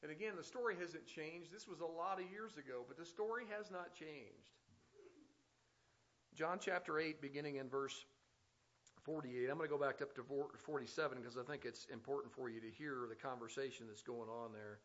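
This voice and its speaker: A man's voice: on the high side, normal speed, a bit bright. A man preaching a sermon who reads scripture aloud and then comments on it with rising intensity. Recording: slightly dull, lo-fi sound.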